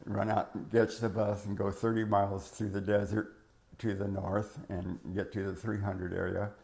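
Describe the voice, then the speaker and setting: An older man looks back on his early working years in a long, rambling oral history interview. His voice sits low with a gravelly fry, and it cracks at times. He wanders through fillers and restarts as he remembers. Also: flat delivery, normal speed, darkish tone.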